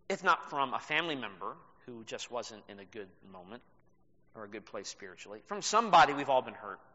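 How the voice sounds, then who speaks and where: A man preaching a sermon as pastor, telling a story with animated delivery and laughs. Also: mid-range voice. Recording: reverberant hall, dull sound.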